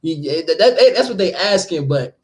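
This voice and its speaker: A man casually explaining scripture, animated and laughing, acting out the people he talks about. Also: on the high side, moderate pace. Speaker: teacher leading scripture study.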